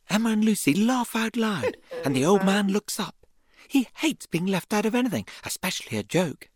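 Husky woman reading wryly. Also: mid-range voice, normal speed. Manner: lively, wry, expressive. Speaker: reader. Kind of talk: reading a first-person memoir aloud.

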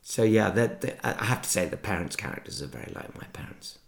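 A man's voice: lowish voice, lively intonation, a little fast, creaky. A man author talking frankly and ramblingly in an interview.

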